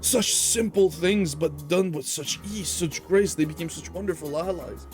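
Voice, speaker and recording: A man's voice: on the high side, normal speed, faint music behind, voice pushed up, natural voice. A man voicing a bitter, scheming old male lich villain in a game, with a theatrical, sneering manner. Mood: gloating.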